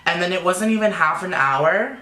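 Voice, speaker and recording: A young man, a makeup artist, telling a personal story in an animated, emotional vlog full of fillers. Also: high voice, normal speed. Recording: roomy echo.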